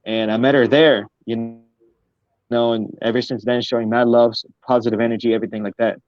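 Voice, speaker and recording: A young man from Houston, a guest rapper chatting casually, halting and full of fillers. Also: mid-range voice, fairly even intonation, dry recording. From Houston, Texas. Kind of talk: casual interview chat. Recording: dry, slightly muffled audio.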